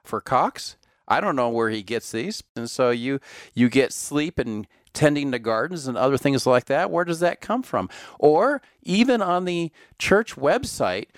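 A man's voice: mid-range voice, sing-song, measured pace, dry recording, clean studio sound. A man co-hosting a scripted discussion, earnest and full of pointed questions. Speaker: co-host.

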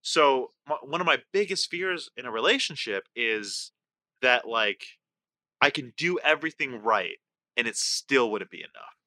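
Bright animated man on a podcast. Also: mid-range voice, unhurried. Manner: animated, open, emotional. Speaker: podcast co-host. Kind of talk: casual podcast chat.

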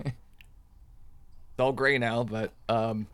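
A middle-aged man co-hosting a podcast, wry and self-deprecating, talking haltingly with many fillers. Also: medium pitch, fairly even intonation, fairly bright tone, smooth, no room sound. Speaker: podcast co-host. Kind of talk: casual chat. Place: Chicago.

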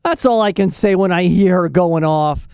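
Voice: medium pitch, moderate pace, a little mellow, clean tone, dry recording, clean studio sound. A radio talk show host delivering scornful political commentary, mocking and sarcastic. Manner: mocking, scornful, breaks into mimicking voices.

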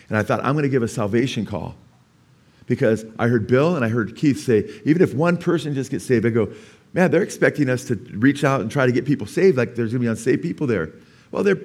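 A male pastor from California delivers a sermon, telling a story animatedly before rising into emphatic preaching and calling "amen?" out to the congregation. His voice is mid-range.

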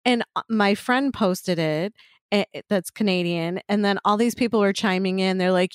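A woman's voice: mid-range voice, normal speed, no echo, clean studio sound. A woman co-hosting a podcast in casual chat, rambling and swearing with frequent laughs. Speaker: podcast co-host.

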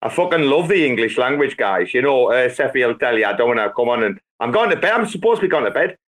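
A man, bantering loudly and swearing a lot in a rowdy group chat. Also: medium pitch, very animated, fast. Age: 40s. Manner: swearing, rambling, loud and jokey. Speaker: Twitter Space participant.

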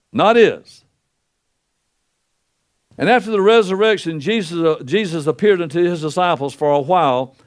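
An older man preaching a sermon in a folksy, storytelling way, acting out the quotes he tells with wide swings in pitch and loudness.

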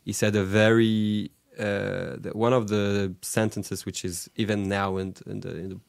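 A man speaking as an interview guest, halting and searching for his words in a relaxed conversation. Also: fairly low pitch, gravelly, clear, resonant tone, no echo.

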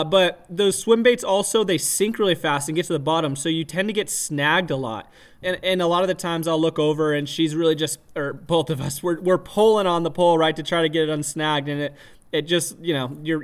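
A man hosting a podcast, telling a story in a casual, animated way, laughing often and acting out his own shouts. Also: on the high side, clean tone. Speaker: podcast host.

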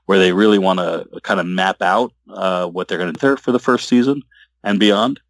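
Low-voiced man rambling in an interview. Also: no room sound. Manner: rambling, halting, many restarts. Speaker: comic book writer guest. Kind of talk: casual interview talk.

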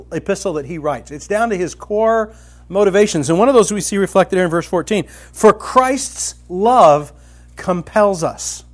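A man teaching from the Bible in a conversational, colloquial style, telling the story vividly and swinging from loud to hushed. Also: high voice. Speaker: preacher.

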